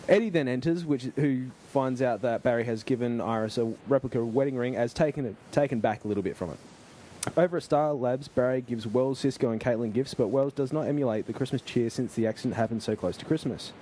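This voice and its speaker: Mellow-voiced male podcast host. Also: mid-range voice, slight background noise. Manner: recapping plot, halting restarts. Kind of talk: casual chat and episode recap.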